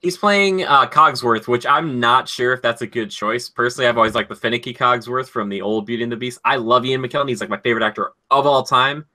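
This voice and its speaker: A man's voice: mid-range voice, fast, hardly any pauses, bright, forceful tone. A young man co-hosting a podcast, rambling casually with many fillers and hesitations. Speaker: podcast co-host. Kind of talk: casual chat.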